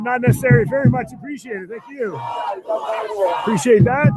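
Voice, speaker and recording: A man's voice: very high-pitched, moderate pace, low-quality recording. A man live-streaming outdoors at a rally in a laid-back way, reading out and thanking viewer messages. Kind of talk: casual outdoor streaming chat. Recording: played clip with crowd and music behind.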